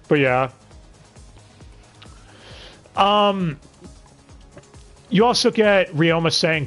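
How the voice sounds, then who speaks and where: A man's voice: sits high, lively intonation, drawn-out words, long pauses, a bit bright, soft background music. Blunt, swearing man reviewing a show. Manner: blunt and swearing, with bursts of incredulous exclamation. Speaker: podcast host reviewing an anime dub. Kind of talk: casual review talk.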